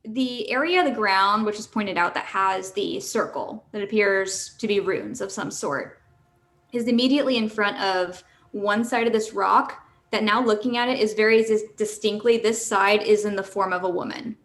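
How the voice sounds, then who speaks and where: A woman runs a tabletop game, describing each scene as dungeon master. She pauses on fillers and corrects herself mid-sentence, at an ordinary mid pitch. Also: a bit bright.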